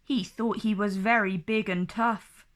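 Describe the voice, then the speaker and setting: A woman reading a children's picture book aloud in an expressive, animated storybook manner. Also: medium pitch, a little slow.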